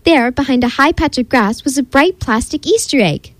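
A woman with a fairly high voice reads a children's story aloud, her sing-song delivery rising and falling to keep young listeners hooked. She sounds close to the mic in a dry, dead room. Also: animated, normal speed, dry recording, poor audio. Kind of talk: reading a picture book aloud.

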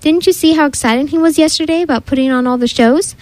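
In a storybook, an earnest young boy pleads with urgent, insistent worry, his voice pitched high, as a woman reader puts him on. The sound is dry and close. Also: quick pace, a little mellow, no echo, natural voice.

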